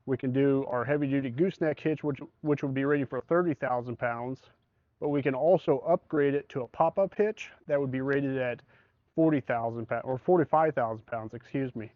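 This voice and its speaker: A man's voice: medium pitch, moderate pace, no echo. A man giving a casual, conversational product walkthrough as a salesman, explaining specifications plainly. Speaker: truck bed salesman. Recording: slightly dull, dry recording.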